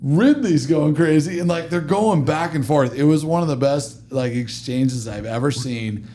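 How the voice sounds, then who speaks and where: A man hosting a casual podcast chat, swearing often and telling animated stories. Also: on the high side, normal speed, a little hiss or hum. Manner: profane, animated storyteller.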